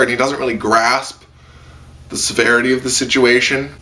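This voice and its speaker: A young man chatting through an anime review from his room, loose and rambling with plenty of filler. His voice is bright and a little sharp, pitched in an ordinary middle register. He jumps into high squealed voices when quoting characters. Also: a little fast, a little hiss or hum. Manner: rambling, excitable, lots of "like" and squealed quoted voices. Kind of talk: casual spoken review. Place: room at home with a lamp.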